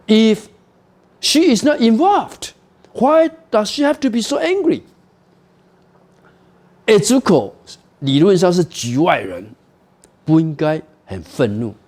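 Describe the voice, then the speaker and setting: Slow, lively-voiced male lecturer. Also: high-pitched. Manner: reads quoted passages aloud, then explains them with many rhetorical questions; slow and emphatic, with fillers and repeated words. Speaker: literature professor. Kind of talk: university lecture.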